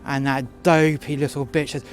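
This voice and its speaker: A man telling a first-person story outdoors in the cold, halting with fillers and breaking into profane outbursts. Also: medium pitch, level tone, slight background noise.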